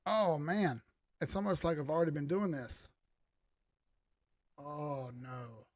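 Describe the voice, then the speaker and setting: A man's voice: fairly high pitch, takes it slowly, dry recording, studio quality. A man hosting a casual livestream about charts, loose and joking as he reads chat, his voice strained and starting to crack. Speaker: host of a live chart analysis stream.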